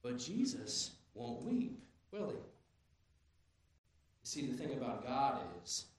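A man in his thirties preaching a sermon as pastor, animated, moving between quiet asides and loud emphatic bursts. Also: mid-range voice, slow. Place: church sanctuary. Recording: very echoey church hall.

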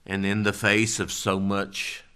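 A male pastor preaching a sermon, emphatic, swinging from loud declarations to low, quiet lines. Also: completely flat delivery, unhurried, clean tone.

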